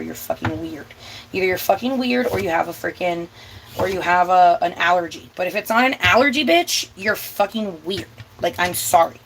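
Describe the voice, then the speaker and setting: A woman's voice: lowish voice, gravelly, slight background noise, rough recording. A young woman hosting a cooking vlog, ranting bluntly and with lots of swearing, sometimes stretching her words out for emphasis. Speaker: vlog host. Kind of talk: casual ranting chat while cooking.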